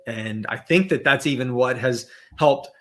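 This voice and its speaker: Male guest, bright clear tone, reflective pace, lots of "uh" and restarts, video-call sound. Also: mid-range voice. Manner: thoughtful, halting with many fillers and restarts. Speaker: podcast guest. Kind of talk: casual conversation.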